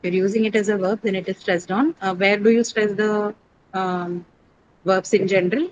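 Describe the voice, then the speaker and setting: A woman's voice: medium pitch, steady tone, moderate pace, lo-fi sound, a little hiss or hum. Woman teaching an online class. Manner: explanatory, quizzes students, frequent "right?" checks. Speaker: English teacher. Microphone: video call.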